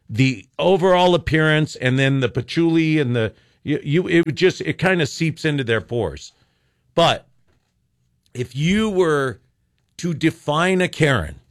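A man's voice: on the high side, animated, unhurried, no room sound, clean studio sound. Sarcastic older man ranting on talk radio. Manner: sarcastic, ranting, rambling with restarts.

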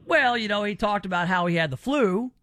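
A man's voice: high-pitched, expressive, a little fast, sharp tone, dry recording. A man hosting a call-in radio show, rambling and teasing with lots of restarts. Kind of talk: joking call-in radio banter.

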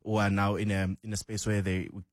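A man's voice: on the low side, little pitch movement, a little fast, no echo, studio quality. A young man from South Africa, a guest in a casual chat who laughs often and talks with animation. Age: young adult.

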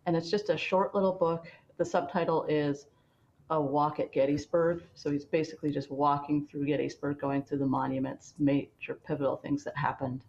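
A woman with a very low voice chats on a radio interview, her talk slow and thoughtful. The sound is slightly dull with a faint hiss behind. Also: little pitch movement, gravelly, a little mellow. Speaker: festival organizer guest. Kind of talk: casual radio interview chat.

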